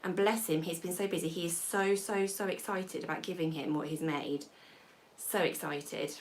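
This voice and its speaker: A woman's voice: on the low side, fairly even intonation, moderate pace, a little hiss or hum. A woman, hosting a live hair tutorial and chatting with viewers as she works. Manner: chatty, warm asides to viewers while working. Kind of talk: live-stream hairstyling tutorial chat.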